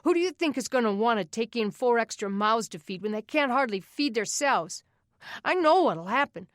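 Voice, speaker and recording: In a clean studio recording with no echo, a woman voices a proud, defensive teenage boy who cares for his younger siblings. She pitches it somewhat above her own voice, a little high yet close to everyday speech, with lively intonation at normal speed. He sounds upset and defiant.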